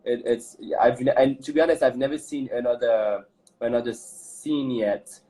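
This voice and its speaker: A man's voice: mid-range voice, normal speed, warm tone, rough recording. A young man from France with a French accent, hosting a casual live chat as a drag performer, campy and chatty, reading comments aloud.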